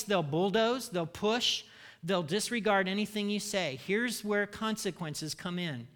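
A male pastor preaching with a bright, ringing tone and a fairly high voice. He is punchy and humorous, and he leads the crowd in call-and-response. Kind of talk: sermon.

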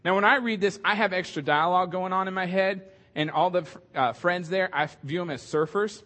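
A male pastor with a fairly high voice preaches in a loose, conversational way. He jokes often and fills his sentences with ums and restarts. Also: fairly quick, a bit bright. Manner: conversational, joking, many fillers. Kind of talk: casual sermon.

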